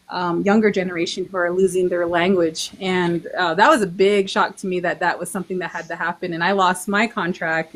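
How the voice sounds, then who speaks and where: A forty-year-old woman from the Navajo Nation in Arizona, talking earnestly as a podcast guest, pausing and restarting as she speaks. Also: on the low side. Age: 40s. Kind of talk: casual chat.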